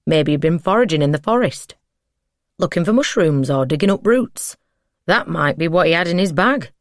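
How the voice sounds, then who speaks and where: Woman narrator as a laid-back, teasing boyfriend, low-pitched, dry close sound. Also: expressive, moderate pace, dry recording. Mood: easygoing. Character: casual, teasing adult male partner.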